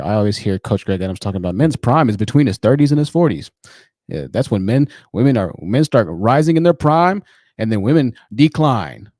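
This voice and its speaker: Male call-in show host, low and warm, chatty and animated, dry close sound. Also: dry recording. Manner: animated, chatty, laughs at his own stories. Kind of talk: livestream commentary and storytelling.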